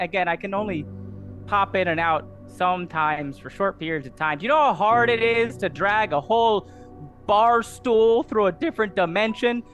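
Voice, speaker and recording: Guy doing a squeaky rambly gnome bartender, whiny, over some music. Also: fairly bright tone. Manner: rambling, complaining. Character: chatty fretful gnome barkeep, male, small.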